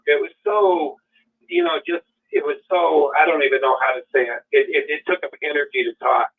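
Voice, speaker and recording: Gravelly husky man on a phone line. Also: on the high side, expressive, a little fast. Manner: rambling personal storytelling, emotional. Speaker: guest. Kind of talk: casual conversation.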